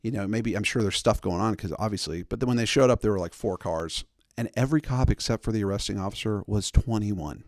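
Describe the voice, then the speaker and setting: A man's voice: lowish voice, quick pace, a little mellow, no echo, studio quality. A man in his thirties hosting a show, telling a long comic story with many rambling asides. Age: 30s. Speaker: host. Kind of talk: comic monologue.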